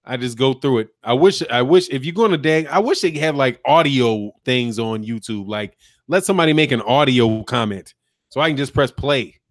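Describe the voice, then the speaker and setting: With an animated, mid-range voice at normal speed, this American channel host casually chats and jokes while reading viewer comments aloud, laughing a lot. The sound is studio quality with no echo.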